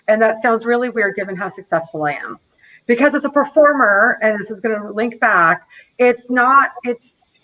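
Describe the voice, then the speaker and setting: A woman delivers an energetic coaching talk over a video call, animated and playful. Her voice is bright and ringing, and it sits a little high. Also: low-quality recording. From not American. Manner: animated and playful, slipping into quoted movie voices. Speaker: guest trainer.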